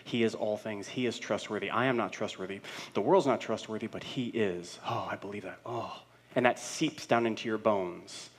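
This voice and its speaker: A man's voice: lowish voice, moderate pace, husky. Earnest male pastor preaching. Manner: earnest, builds in repeated phrases, swings between loud and hushed. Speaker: senior pastor. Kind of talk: sermon.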